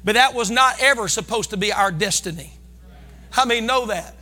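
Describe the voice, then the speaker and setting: A man preaching a fervent sermon, calling on his congregation to respond and breaking into shouts. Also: high voice, moderate pace, big-room sound. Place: church sanctuary.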